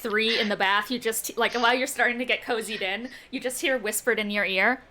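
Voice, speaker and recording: Bright-voiced woman running a tabletop game. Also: on the high side, steady tone, fairly quick, a little hiss or hum. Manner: giggly, playful narration. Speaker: dungeon master.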